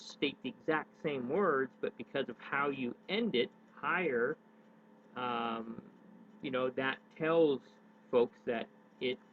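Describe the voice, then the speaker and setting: A man talks unhurriedly through advice for his daily vlog, drifting and correcting himself as he searches for words. The sound is thin and tinny, like a phone line, with a faint hiss of noise underneath. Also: mid-range voice. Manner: rambling, self-correcting, many hesitations. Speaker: daily vlogger. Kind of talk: unscripted talk on public speaking.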